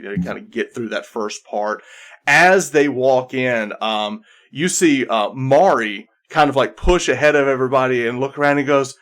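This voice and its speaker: A man narrating a fantasy tabletop game as its game master. His voice sits at an ordinary middle pitch, and he rambles along, repeating words and restarting phrases as he sets each scene. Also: a bit bright.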